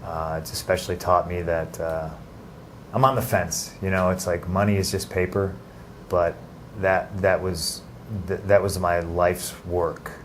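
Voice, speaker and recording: A man giving an interview in a casual, halting way, with many restarts and fillers. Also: low voice, level tone, a little hiss or hum. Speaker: interview guest.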